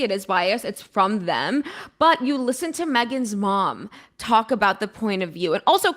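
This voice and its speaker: Fiery, high-pitched woman podcast co-host. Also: a bit bright. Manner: blunt, heated and profane. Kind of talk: casual chat.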